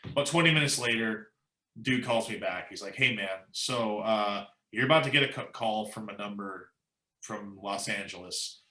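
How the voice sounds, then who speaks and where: A man's voice: on the low side, moderate pace, reverberant, low-quality recording. A man guest in a casual interview, telling an anecdote with lots of quoting and fillers. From United States. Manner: animated anecdote-telling, quoting others, says "like" and "you know" a lot. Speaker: musician guest.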